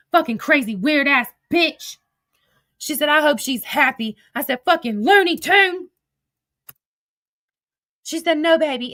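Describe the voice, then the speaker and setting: High-voiced woman reading old texts aloud. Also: bright, forceful tone, no room sound, studio quality. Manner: blunt and profane, with wry asides. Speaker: commentator recounting drama.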